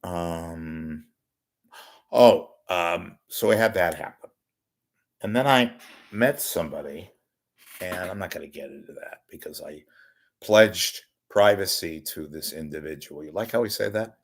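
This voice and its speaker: Male live-show host, very low voice, rambling and self-interrupting, deadpan wisecracks. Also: measured pace, long pauses. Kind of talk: rambling live solo talk.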